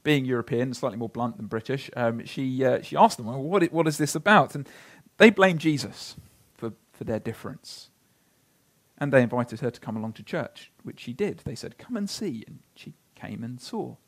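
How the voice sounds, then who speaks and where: A pastor preaching a sermon, telling stories earnestly and slowing down to read scripture. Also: male voice, mid-range voice.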